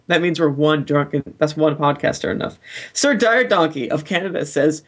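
Male podcast co-host, animated delivery, reading reviews aloud with playful banter. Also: fairly high pitch, moderate pace. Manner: lively, reading names in a playful drawl.

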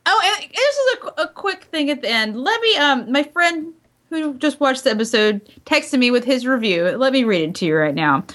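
A woman's voice: sits high, expressive, normal speed, a bit bright. A woman co-hosting a podcast, joking and teasing in casual banter. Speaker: podcast co-host.

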